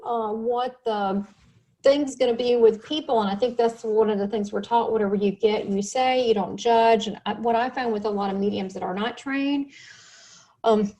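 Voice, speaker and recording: Middle-aged lady host, chatty and animated, bit of a high voice, laughs a lot. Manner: animated storyteller, laughs often. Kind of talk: casual interview chat.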